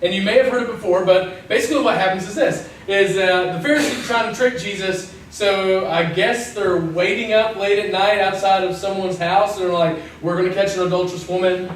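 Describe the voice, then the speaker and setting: A man's voice: high voice, normal speed, hardly any pauses. A man giving a casual, jokey sermon, acting out the people in his stories. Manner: chatty and jokey, acts out voices in stories. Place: church. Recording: distant mic in an echoey church hall with faint noise.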